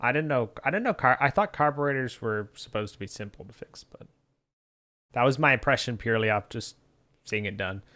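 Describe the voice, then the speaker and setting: A man's voice: medium pitch, expressive, brisk, sharp tone. A man streaming, thinking aloud in casual chat with many fillers and answering his chat.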